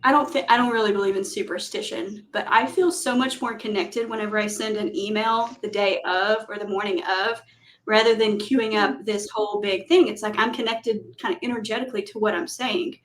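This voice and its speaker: A middle-aged woman hosting a casual interview, an animated storyteller who acts out the quotes she tells. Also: mid-range voice, fairly quick, low-quality recording. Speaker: business coach and host.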